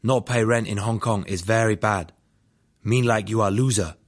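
A man's voice: fairly low pitch, fairly even intonation, normal speed, natural voice. A man voicing a struggling Hong Kong businessman who speaks blunt, broken English. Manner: broken English, short plain sentences.

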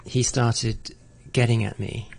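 A man's voice: medium pitch, level tone, slow pace. A middle-aged man in a conversational interview, talking reflectively with frequent restarts and stammered repeats. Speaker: interviewee, arts broadcaster.

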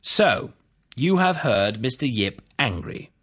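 A man voicing a forceful male prosecutor who questions a witness in pointed, pressing turns, read as a storybook. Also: medium pitch, big pitch swings, slow pace, pitched above the performer's own voice, full character voice.

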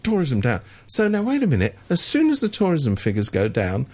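A man's voice: fairly high pitch, wildly swooping pitch, fairly quick, a little mellow. A man co-hosting a radio talk show, chatting about politics in a sardonic, mocking way. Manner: sardonic, mocking, mimics officials. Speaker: radio co-host. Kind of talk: casual political chat on radio. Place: radio studio.

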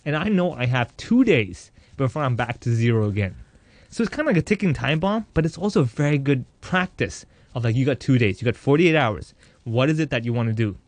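Fast-talking man telling a joking life story. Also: mid-range voice, dry recording. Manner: animated, joking, acts out voices in quotes. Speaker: interviewee. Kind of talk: candid personal storytelling.

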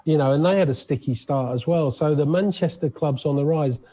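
A man's voice: on the high side, fairly quick, slightly rough. A man presenting sports news in a chatty, conversational way on radio. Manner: chatty, conversational, animated asides.

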